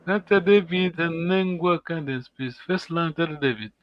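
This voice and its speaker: Patient male language teacher, slightly high voice. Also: lo-fi sound. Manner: patient, encouraging, models words slowly. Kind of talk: online language lesson. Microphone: video call.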